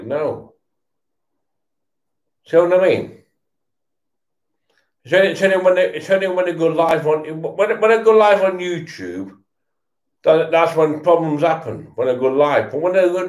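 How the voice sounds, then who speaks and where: A man's voice: fairly high pitch, darkish tone, echoey room. A tipsy man, swearing and stammering through a casual rant while he watches football. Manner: swearing, repetitive, stammering restarts. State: tipsy from beer.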